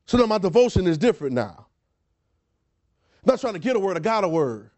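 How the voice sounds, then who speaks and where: A man's voice: high voice, big pitch swings, brisk, darkish tone. A man preaching a sermon, emphatic and repetitive, asking rhetorical questions and often restarting his words. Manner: frequent word repetitions and restarts.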